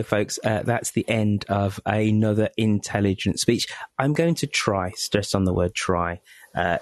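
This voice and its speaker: A British man hosting a podcast, wrapping up an interview in a chatty, halting way with lots of fillers and repeated words. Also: low-pitched, no echo. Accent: British English. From England. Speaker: podcast host. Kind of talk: casual interview wrap-up.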